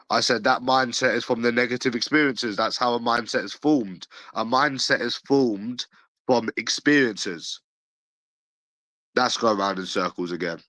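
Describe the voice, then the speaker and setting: A man's voice: medium pitch, measured pace, pushed and bright, dry recording, poor audio. A man with a London accent ranting in a repetitive, sweary, sarcastic monologue. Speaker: vlogger.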